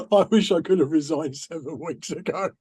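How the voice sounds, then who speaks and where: A man's voice: a little high, measured pace, darkish tone, husky, no echo. A man co-hosting a podcast, teasing the others and giggling through casual banter. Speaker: podcast co-host.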